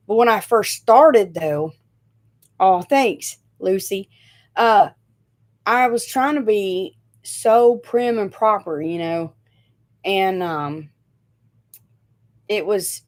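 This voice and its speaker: A woman's voice: mid-range voice, darkish tone. A middle-aged woman from Indiana with a Southern Tennessee accent, chatting casually on a live stream, rambling and correcting herself as she goes. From northern Indiana, raised in Tennessee. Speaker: host of a live chat stream.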